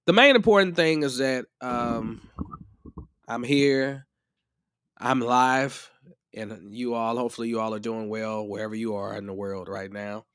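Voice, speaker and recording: A man's voice: medium pitch, a little slow, a bit bright, clear, resonant tone, no room sound, studio quality. A man hosting a live music-production tutorial stream, rambling in a casual, chatty way while a bit under the weather. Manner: rambling and chatty, often restarts.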